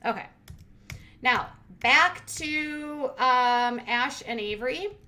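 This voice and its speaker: An adult woman hosting a commentary channel, recapping a reality show in a quick, sarcastic, casual way. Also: high voice, pushed and bright. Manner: fast-talking, sarcastic.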